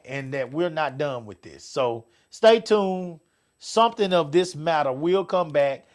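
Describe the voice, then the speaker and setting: An older man, hosting a casual talk show, rambling, repeating himself and laughing often. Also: on the high side. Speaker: host.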